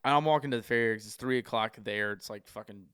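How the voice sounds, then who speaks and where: A man's voice: fairly low pitch, fast, a bit bright, clean tone, dry recording, studio quality. An American man hosting a podcast, telling a long travel story in casual chat, swearing often and rambling. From United States. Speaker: podcast host.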